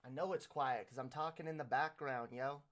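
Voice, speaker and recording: A man's voice: mid-range voice, a little fast, fairly bright tone. A man hosting a casual livestream, joking loosely and swearing, sprinkling "yo" everywhere while he fiddles with a new microphone. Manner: slangy, profane, peppered with "yo"; loose, joking, tinkering with a new mic mid-talk. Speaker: livestream host. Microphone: new desk mic with pop filter.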